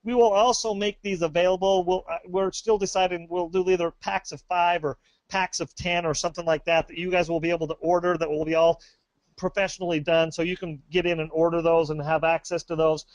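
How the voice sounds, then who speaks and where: An upbeat man with a fairly high voice pitches products on a webinar. He rambles with plenty of fillers and false starts. The sound is close and dry, with no room around it. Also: flat delivery, a little fast, no echo. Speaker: webinar presenter.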